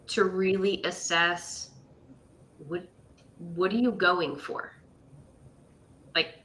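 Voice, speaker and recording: Slow, bright-toned reflective woman. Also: fairly low pitch. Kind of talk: casual podcast chat.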